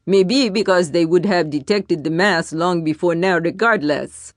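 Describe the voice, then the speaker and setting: A woman's voice: mid-range voice, sing-song, moderate pace, no echo, clean studio sound, natural voice. A woman voicing a blunt, cool male general with a French-Canadian accent.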